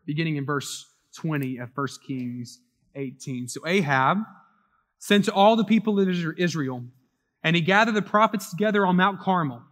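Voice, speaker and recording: High-pitched guy preaching a bible story, dramatic, long echo like a big church. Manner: dramatic, swings from loud to hushed. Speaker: pastor. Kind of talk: sermon reading and explaining scripture.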